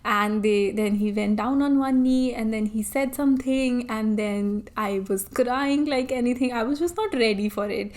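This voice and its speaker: A young woman vlogger casually retelling a personal story, animated, acting out her own reactions in quotes. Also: on the high side, moderate pace, hardly any pauses. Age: young adult.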